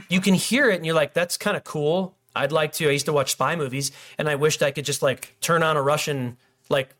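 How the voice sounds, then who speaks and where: Here a middle-aged man preaches as a pastor in a casual, conversational sermon. He jokes around and voices short dialogues between people, his pitch fairly high and slightly bright.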